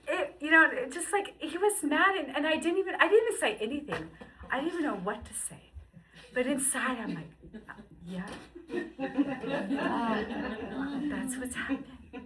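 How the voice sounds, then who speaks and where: Woman in her fifties, bright, crisp voice, heartfelt personal testimony, animated storyteller who acts out quotes. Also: high voice, a little slow, long pauses, low-quality recording. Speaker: guest sharing her story.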